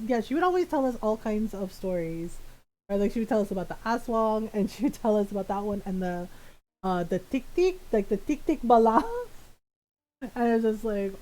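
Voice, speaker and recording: Chatty woman streamer, higher voice. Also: darkish tone, poor audio. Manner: chatty, rambling, laughs often; many restarts and fillers. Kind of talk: casual chat while gaming.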